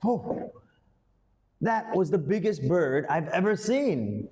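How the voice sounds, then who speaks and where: A man's voice: sits high, very animated, takes it slowly, a little mellow, roomy sound, pitched above the performer's own voice, heavily acted. A man playing a startled adult male driver in a school ghost play, reading the script lines aloud with a raised, wide-eyed rehearsal delivery. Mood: amazed.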